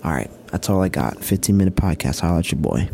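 A young man co-hosting a casual podcast, gentle and reassuring, with loose slangy talk. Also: deep voice, animated, fast, gravelly, a little hiss or hum. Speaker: podcast co-host.

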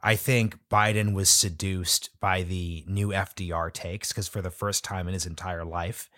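A male podcast host with a lowish voice, recorded dry and close. He is blunt and emphatic as he talks politics in a conversational way. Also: level tone, measured pace, bright, forceful tone, no echo.

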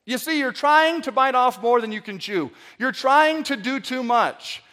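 A male preacher delivers a sermon through an extended parable. His voice sits high for a man, and he often stammers and repeats words as he tells the story. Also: animated, a little slow, sharp tone.

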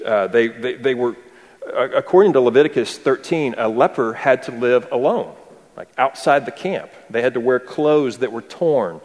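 A man preaching an expository sermon, asking rhetorical questions and adding dry humor. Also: lowish voice. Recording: long hall reverb.

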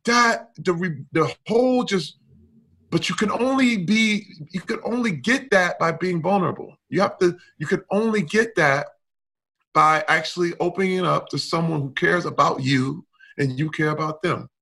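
A middle-aged man speaking candidly and with emphasis, his voice bright and forceful. He sits a little high in pitch and swings from loud bursts to quiet stretches. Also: normal speed, gravelly, slightly rough. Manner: emphatic, expressive, swings between loud and soft. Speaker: guest. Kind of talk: candid conversation.

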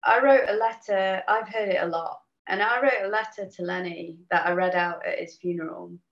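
Woman from New Zealand, guest, animated storyteller; roomy, dull remote audio. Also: medium pitch, normal speed, creaky. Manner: animated storyteller, laughs often. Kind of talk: casual chat. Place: home.

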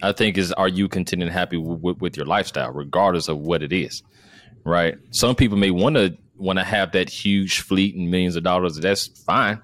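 A man's voice: sits low, fairly quick, a bit bright. A man from the United States in casual conversation, emphatic, asking rhetorical questions and repeating words.

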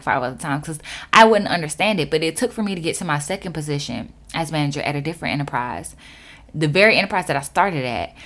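A woman speaker tells her own story with sass and emphasis. Her pitch swings widely, rising high for emphasis and dropping low for effect, and her delivery stays animated and expressive throughout. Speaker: motivational speaker. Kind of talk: personal storytelling talk.

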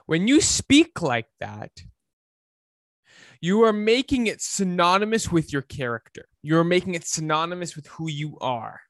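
A man, a fitness coach, giving an emphatic, preachy motivational talk that swings between loud and hushed. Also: fairly high pitch, sing-song, a little slow, no room sound, clean studio sound.

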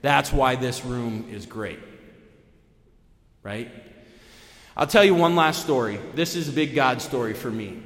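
A man giving a personal recovery talk at a meeting, telling his story casually with lots of fillers and sudden jumps in pitch and loudness. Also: measured pace, long pauses. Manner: lively storytelling with big pitch swings, many fillers. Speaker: AA main speaker. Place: meeting room. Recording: echoey hall, long reverb.

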